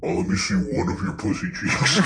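A creepy killer voice through a deep voice changer. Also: male voice, vocal fry, fairly bright tone, a little hiss or hum, exaggerated voice. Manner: creepy, pleading, crude. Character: lewd male horror-movie killer puppet voice. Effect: deep voice-changer filter. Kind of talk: comedy podcast bit.

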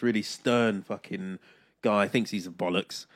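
A man's voice: lowish voice, moderate pace, a little hiss or hum. A twenty-five-year-old man, co-hosting a podcast and telling a story with lots of swearing and acted-out quotes. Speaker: podcast co-host. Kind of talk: casual podcast chat.

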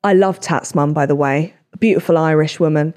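A young woman, hosting a podcast and telling stories in casual chat, swearing freely. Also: sits low. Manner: swearing, quick animated storytelling. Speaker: podcast host.

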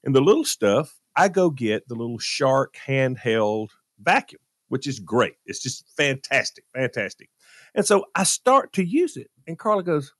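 A man's voice: medium pitch, moderate pace, dry recording, clean studio sound. A middle-aged man co-hosting a radio show, telling a self-deprecating story and acting out the dialogue. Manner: animated, self-deprecating storyteller who acts out quoted dialogue. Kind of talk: casual talk radio storytelling.

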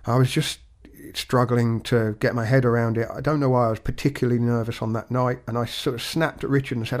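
A man co-hosting a podcast, talking in a measured, reflective way with frequent restarts. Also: mid-range voice, fairly even intonation. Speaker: podcast co-host.

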